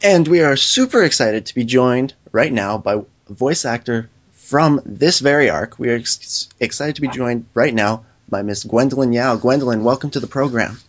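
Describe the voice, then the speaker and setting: A man's voice: mid-range voice, moderate pace, highs cut off. Eager male podcast host. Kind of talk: casual podcast interview.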